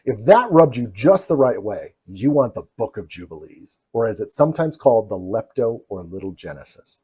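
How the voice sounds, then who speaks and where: Husky, wry man lecturing. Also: fairly low pitch. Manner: wry, lively delivery with dramatic slow readings of quotes. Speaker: educational video host. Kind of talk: scripted lecture narration.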